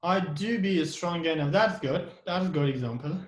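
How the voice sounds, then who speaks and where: A man teaching an English grammar lesson, repeating example sentences slowly with heavy stress and often restarting his words. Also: fairly high pitch, echoey room. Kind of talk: online class lesson.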